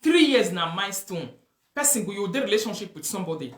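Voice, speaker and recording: A woman's voice: medium pitch, very animated, fast talker. Emphatic Nigerian woman in an echoey room. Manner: emphatic and preachy, mixing Pidgin and English, repeating points. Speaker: host of a live talk show. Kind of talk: live-stream commentary, reading viewer comments.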